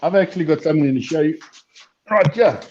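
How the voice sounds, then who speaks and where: A man's voice: a little high, fast talker, background noise. A man hosting a casual live stream, teasing his friends crudely, in muffled lo-fi audio. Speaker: host.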